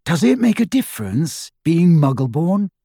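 An earnest young girl with a soft, raised voice, as a man puts her on. She asks eager, questioning lines. The sound is close and dry. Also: a little high, sing-song, moderate pace, husky, no room sound, voice pushed up, heavily acted. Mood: curious. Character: earnest young girl, curious and warm-hearted.

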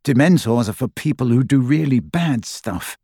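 A man's voice: expressive, moderate pace, mellow, slightly rough, no echo, clean studio sound. Snape, read by a man as a brooding boy. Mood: guarded. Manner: low, hesitant, guarded. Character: brooding, awkward boy, defensive and intense.

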